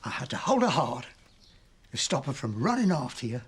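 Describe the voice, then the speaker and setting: An actor playing a jovial, good-hearted old Victorian gentleman who talks in a chuckling, rambling way. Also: medium pitch, big pitch swings, a little fast, breathy edge, heavily acted. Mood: amused. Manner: chuckling, rambling, with playful animal sounds. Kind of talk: period TV drama acting.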